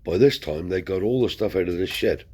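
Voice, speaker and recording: A man's voice: low-pitched, a little fast, a little mellow, breathy edge. A man telling a rambling story in broad colloquial speech, swearing freely as he goes. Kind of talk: casual spoken anecdote.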